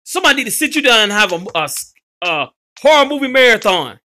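Gaming host, male, bright forceful voice, excitable slangy play-by-play, shouts at teammates. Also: extremely high pitch, quick pace. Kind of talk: live gameplay commentary.

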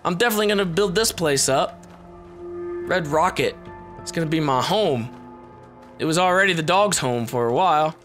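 A man giving excitable let's play commentary, swearing and shouting as he plays. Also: a little high, moderate pace, pauses often. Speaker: gameplay commentator. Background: game music.

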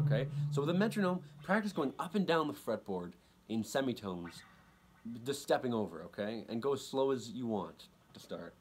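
A man giving a casual guitar lesson, relaxed and repetitive, counting beats aloud. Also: medium pitch, normal speed. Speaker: guitar teacher. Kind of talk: casual instructional talk. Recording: loud guitar playing behind.

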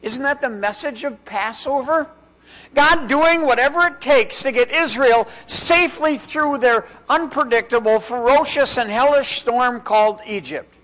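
High-voiced slow-preaching pastor. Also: male voice. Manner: dramatic pauses, strings of rhetorical questions and answers; drops to a hushed voice on key words. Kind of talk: sermon. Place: church.

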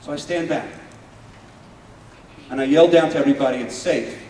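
A man performing an earnest Israeli paratrooper recalls his story in a slightly high voice, moving from urgent loud passages to hushed emotional ones. He is heard from far off in a large hall with a long echo, and a faint room hum sits under him. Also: normal speed, lightly acted. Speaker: stage performer. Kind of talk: dramatic first-person monologue.

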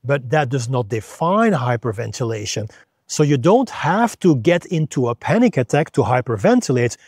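A man's voice: medium pitch, big pitch swings, moderate pace, a little mellow, breathy edge, dry recording, clean studio sound. A man, a freediving instructor, patiently explaining breathing step by step in a video lesson.

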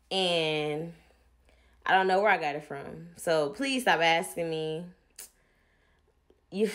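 A woman's voice: on the low side, a bit bright. A young woman chatting casually to viewers while doing a hair tutorial, with playful asides and a mock rant. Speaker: hair vlogger.

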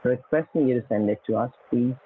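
A man's voice: mid-range voice, brisk, a loud crowd. A man with an Indian accent on a phone call, weary and insistent, using formal polite phrasing. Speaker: scam caller. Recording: tinny phone line.

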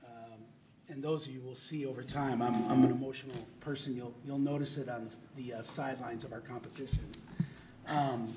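Emotional man with a halting delivery. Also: medium pitch, steady tone, noisy background. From Illinois. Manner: emotional, halting, many ums and repeated words. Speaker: newly named athletic director. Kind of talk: emotional press conference speech.

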